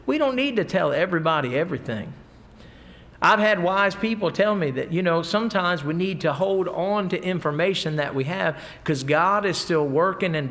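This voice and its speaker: A man's voice: on the high side, gravelly, fairly bright tone. A middle-aged man preaching a folksy sermon, mixing scripture with stories. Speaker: pastor.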